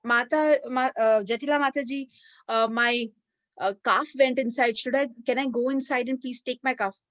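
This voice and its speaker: A woman's voice: on the high side, fairly even intonation, moderate pace, a bit bright, dry recording, natural voice. A woman voicing an anxious young cowherd boy who pleads in a hurry. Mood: pleading.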